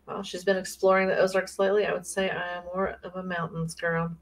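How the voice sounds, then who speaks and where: A low-pitched woman chats on a podcast in an easygoing, playful way. She jokes and riffs about snacks and travel. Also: level tone, a little fast. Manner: playful, jokey, chatty. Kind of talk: casual chat.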